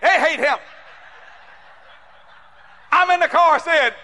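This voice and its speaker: A male preacher from New Orleans delivers a sermon in a high, piercing voice, shouting and acting out every character. His bright, forceful tone rings through a hall with a long echo. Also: slow, long pauses, slight background noise. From New Orleans, Louisiana. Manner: animated, shouting, acts out voices. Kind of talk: sermon storytelling.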